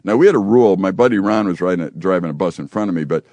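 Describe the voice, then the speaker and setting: An older man hosting a casual chat, telling animated stories and acting out the quotes. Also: deep voice, very fast, no echo. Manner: animated storyteller who acts out quotes.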